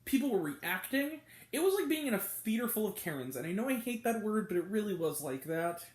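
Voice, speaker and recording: A man rants through a film review with a blunt, exasperated edge, swearing freely. His pitch swings widely from line to line. The room around him rings with echo. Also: big pitch swings, fairly quick. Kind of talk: ranting movie review.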